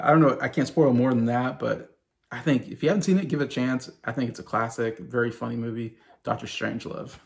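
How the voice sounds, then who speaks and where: A man's voice: medium pitch, vocal fry. A man in his late thirties chatting casually in a rambling way, with many fillers and restarts, as a movie vlogger. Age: late 30s. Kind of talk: casual chat.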